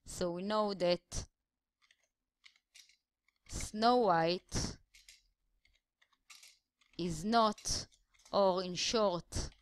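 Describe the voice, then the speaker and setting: A woman's voice: on the low side, drawn-out words, pauses often, clean tone, no echo. A woman English teacher, patiently explaining grammar step by step in a slideshow voice-over.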